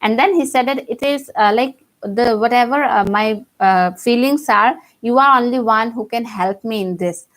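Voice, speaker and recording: A woman's voice: on the high side, normal speed, hardly any pauses, a bit bright. Hesitant Indian English woman teacher. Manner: hesitant, many fillers and restarts. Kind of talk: explaining a play line by line.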